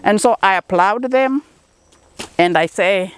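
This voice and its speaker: A woman's voice: mid-range voice, slow pace, a little hiss or hum. A middle-aged woman with a Kenyan accent, a corn farmer answering interview questions in an earnest, encouraging, storytelling way. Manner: earnest and encouraging, telling stories.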